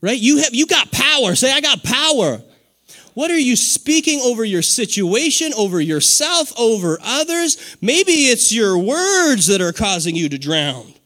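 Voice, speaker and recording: A man in his forties delivers an animated sermon with call-and-response. His voice sits high and swoops widely in pitch. The tone is bright and forceful. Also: unhurried, few pauses. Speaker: pastor.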